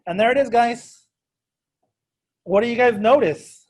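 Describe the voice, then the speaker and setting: A man's voice: very high voice, a little slow, a little mellow, breathy edge. A man teaching a math class in a casual, joking way, keeps quizzing his students. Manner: joking, self-deprecating. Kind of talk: classroom lecture. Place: classroom with students also on a video call.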